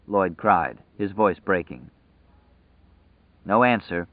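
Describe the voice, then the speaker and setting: Male audiobook narrator, lowish voice, measured and dramatic, dry tinny phone-quality sound. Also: expressive, dry recording.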